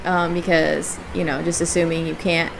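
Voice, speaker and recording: A woman's voice: low voice, flat delivery, moderate pace, gravelly, background noise. A woman co-hosting a podcast in casual chat, thoughtful and laughing often, with many "like"s. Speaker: podcast co-host.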